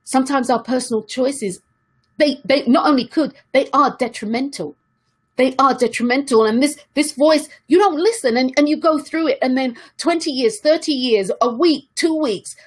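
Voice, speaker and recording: A woman's voice: high voice, moderate pace, slightly rough. A woman giving an earnest motivational talk to her viewers, repeating key questions for emphasis. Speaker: self-help speaker.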